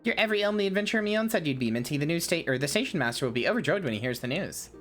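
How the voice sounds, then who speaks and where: A woman's voice: sits low, expressive, rapid-fire, fairly bright tone. A woman voicing a brusque, earthy female guild master in a put-on English accent, with blunt, slangy patter. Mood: cheerful.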